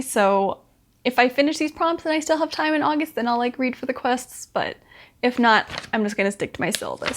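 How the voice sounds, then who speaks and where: A young woman talking casually to camera as a book vlogger, chatty and upbeat, with lots of fillers. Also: a little high.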